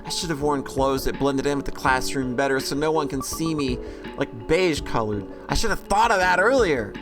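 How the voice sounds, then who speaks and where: A man's voice: mid-range voice, animated, normal speed, music in the background, natural voice. A man voicing a shy, anxious teenage girl in a visual novel, in a nervous, muttering way.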